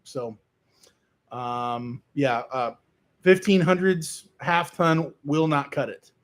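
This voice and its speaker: A man hosting a casual livestream, reading viewer comments aloud and answering them in a relaxed, rambling way with plenty of fillers and restarts. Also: fairly high pitch, slow pace. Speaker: livestream host answering chat. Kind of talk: casual live chat.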